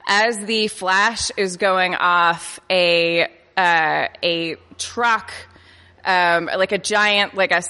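A woman in her late twenties telling a funny personal story to a live audience, halting and self-deprecating, often stumbling over her words and laughing at herself. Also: on the low side, bright, forceful tone, in a large hall. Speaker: live storyteller on a comedy podcast. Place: comedy festival venue.

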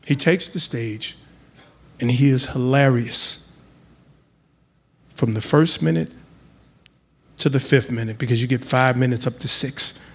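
A man telling a comic personal story live on stage, building to loud excited outbursts. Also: mid-range voice, measured pace, long pauses. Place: live venue with audience.

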